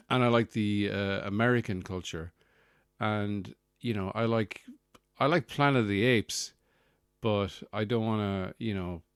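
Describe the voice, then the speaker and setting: A man's voice: lowish voice, dry recording, clean studio sound. A man hosting a comedic solo podcast, rambling and sardonic with lots of fillers. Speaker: podcast host.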